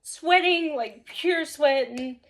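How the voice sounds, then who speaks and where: A woman vlogger telling a casual storytime, rambling and animated, full of "like" and laughing as she goes. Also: sits high, takes it slowly. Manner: rambling, filler-heavy with frequent "like".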